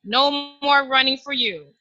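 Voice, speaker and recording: A woman's voice: high-pitched, a little slow, bright, forceful tone, no echo, dull audio, faint music behind. A woman playing a firm, protective mother. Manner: firm, soothing. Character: protective worried mother, firm but gentle.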